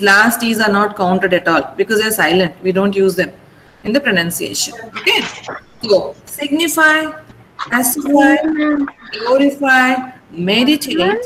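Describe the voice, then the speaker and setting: A woman teaching English pronunciation in an online class, sounding out words slowly syllable by syllable in a firm, instructive manner. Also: medium pitch, a bit bright, slight background noise, low-quality recording. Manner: slow deliberate syllable-by-syllable pronunciation. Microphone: video call.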